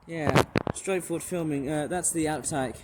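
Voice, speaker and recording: A man narrating a casual outdoor vlog, excitable and exclaiming often, out of breath as he hurries uphill. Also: on the high side, moderate pace. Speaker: vlogger. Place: outdoors in a park near an airport. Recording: loud outdoor noise.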